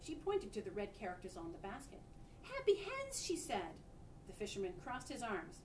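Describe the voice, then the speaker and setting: Lively woman reader for a children's storybook; expressive, slightly distant and roomy, faint rumble. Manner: expressive, pauses to show pictures. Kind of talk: reading a picture book aloud to children. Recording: echoey room, distant mic, faint rumble.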